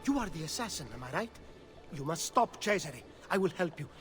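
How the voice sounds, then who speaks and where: A bitter boat captain in a video game, grumbling with sarcasm as his voice leaps up and down. His voice is a touch higher than most men's. Clear music plays under the game audio. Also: very animated, fairly quick. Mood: urgent. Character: disgruntled male papal army boat captain.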